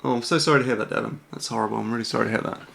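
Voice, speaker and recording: A man's voice: mid-range voice, fairly even intonation, very fast, gravelly, fairly bright tone. A British man hosting a casual livestream, rambling through viewer questions with lots of fillers, restarts and self-deprecating asides from a room at home at night. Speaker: host.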